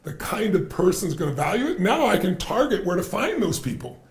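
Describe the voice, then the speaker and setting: A man as a podcast guest, telling stories in an animated, emphatic way and repeating phrases for effect. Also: sits high, a little fast. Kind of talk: animated storytelling in conversation. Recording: roomy echo.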